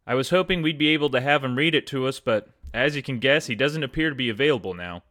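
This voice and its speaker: Bright-voiced male podcast host. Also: mid-range voice, fast, no echo, clean studio sound. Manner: upbeat, polished host delivery. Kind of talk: scripted comedy podcast.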